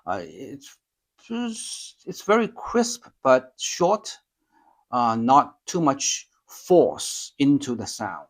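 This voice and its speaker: A man talking through his own language notes in a casual, halting way, full of ums and restarts. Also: mid-range voice, very animated. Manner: slow, hesitant, many ums and restarts. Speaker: language learner reviewing lessons. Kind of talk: casual self-study explanation.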